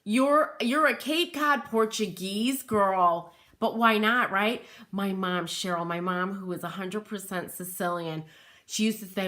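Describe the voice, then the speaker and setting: A woman's voice: medium pitch, unhurried, a bit bright. A middle-aged woman hosting a live crafting stream, chatting casually and greeting viewers by name. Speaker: craft channel host.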